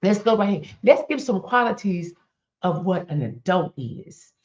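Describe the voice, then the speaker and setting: A woman's voice: fairly low pitch, animated, unhurried, darkish tone. Emphatic woman speaker, dull lo-fi sound. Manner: emphatic, addresses audience directly with questions. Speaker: motivational speaker. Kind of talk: preaching-style motivational talk. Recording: dull lo-fi recording.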